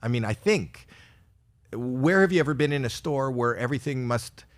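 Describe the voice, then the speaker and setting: A man's voice: mid-range voice, expressive, moderate pace. A man in his sixties performing a stand-up routine for a virtual audience, telling rambling, self-deprecating stories with stammered restarts. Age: 60s. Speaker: stand-up comedian.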